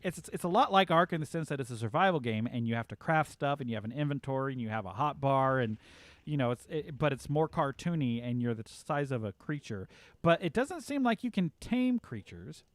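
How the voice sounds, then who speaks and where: A man's voice: mid-range voice, sing-song, fairly quick, no room sound. Guy rambling away on a game livestream, lots of likes and ums, easygoing. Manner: chatty, rambling, fillers like "like" and "um". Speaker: game streamer. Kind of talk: casual live-stream chat.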